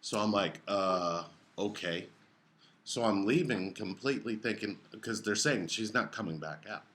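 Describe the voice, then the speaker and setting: Deep, bright-voiced man in casual chat. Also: a little slow. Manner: plainspoken, interjects briefly. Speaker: podcast co-host. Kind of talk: casual conversation.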